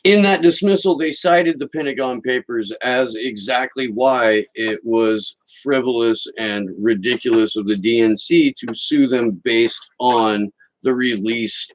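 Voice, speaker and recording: A man's voice: mid-range voice, slow pace, rough recording. A man hosting a podcast, giving sarcastic, mocking political commentary and reading quotes aloud. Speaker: podcast host.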